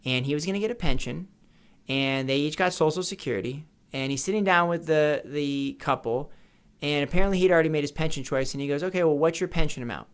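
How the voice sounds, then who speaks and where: A man's voice: a little high, brisk, clean tone. A man advising on retirement, speaking emphatically, repeating key questions and telling anecdotes to make his point. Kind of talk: educational talk to camera. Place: office or home studio. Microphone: camera mic with studio lights setup.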